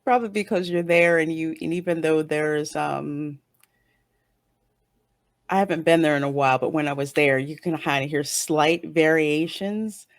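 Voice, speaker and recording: A woman's voice: low-pitched, steady tone, moderate pace, no room sound, studio quality. Chatty Northeastern American woman host. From northern United States. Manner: chatty, laughs often, acts out quoted people. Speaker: interview host. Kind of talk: casual online interview chat.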